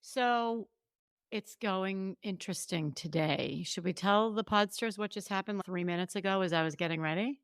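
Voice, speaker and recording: A woman co-hosting a podcast, telling stories in an animated, chatty way with quick asides and restarts. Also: mid-range voice, clean tone, no echo, studio quality. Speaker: podcast co-host and coach. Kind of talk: casual podcast chat.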